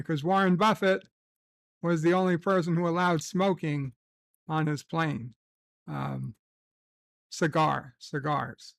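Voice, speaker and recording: Gravelly-voiced man telling a rambling story. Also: fairly high pitch, fairly bright tone, no room sound. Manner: rambling, profane, self-mocking anecdotes. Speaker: livestream host. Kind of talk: casual storytelling. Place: at home, in bed.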